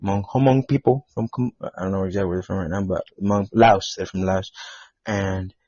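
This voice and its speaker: A man's voice: sits low, steady tone, normal speed, a little mellow, no room sound. A man hosting a casual podcast, telling a story in a rambling way with lots of fillers. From Wisconsin. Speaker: podcast host. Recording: dull lo-fi home podcast mic.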